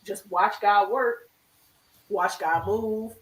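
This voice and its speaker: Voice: medium pitch, takes it slowly, reverberant, recorded from a distance, low-quality recording. A therapist hosting a show on a video call, speaking with effusive, emotional, faith-filled encouragement. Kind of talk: warm encouraging closing remarks on a live web show.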